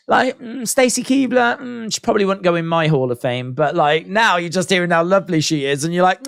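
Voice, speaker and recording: A man's voice: sits high, animated, a little fast, creaky, a bit bright, smooth, dry recording, clean studio sound. A man hosting a wrestling watch-along stream, chatting and reacting with laughs and asides. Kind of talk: casual live-stream commentary.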